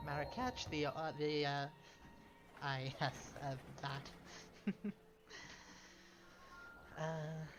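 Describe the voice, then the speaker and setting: A streamer playing a strategy game chats casually, his voice a little high with a fairly bright tone. He rambles, corrects himself, and tosses in chuckling asides. The stream audio is slightly dull, with faint game music underneath.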